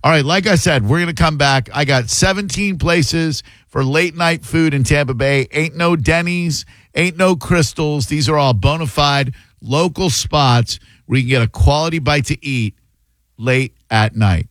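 A man's voice: on the high side, measured pace, fairly bright tone, dry recording. A man hosting a casual radio talk show, joking around loosely with a laugh in his voice, on a studio mic. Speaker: radio host.

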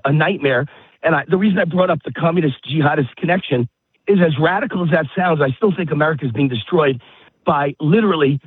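A man's voice: on the high side, breathy edge, no echo. A man walking his dog while calling in, out of breath, ranting emphatically and repeating himself. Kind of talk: political talk radio rant. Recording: tinny phone-line audio.

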